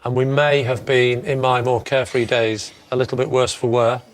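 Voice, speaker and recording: A man who is a panel show team captain, telling a comic anecdote with deadpan wisecracks. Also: medium pitch, moderate pace.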